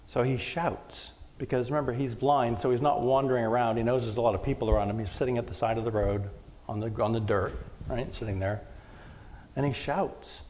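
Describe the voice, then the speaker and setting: Lutheran pastor preaching in an echoing church. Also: male voice, mid-range voice, fairly even intonation, a little fast. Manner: conversational preaching, acts out shouted quotes. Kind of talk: sermon. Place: church sanctuary. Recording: long church reverb, faint room noise.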